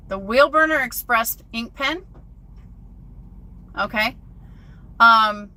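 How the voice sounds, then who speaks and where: Bright-voiced chatty woman trucker. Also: on the high side, a little slow, long pauses. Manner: chatty, reads viewer comments aloud. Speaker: truck driver livestreaming. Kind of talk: casual live-stream chat. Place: truck cab at a truck stop. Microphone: phone.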